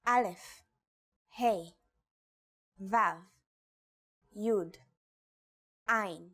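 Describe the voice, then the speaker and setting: A woman reading a scripted language lesson, pronouncing example words slowly and carefully. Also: medium pitch. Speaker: Hebrew teacher.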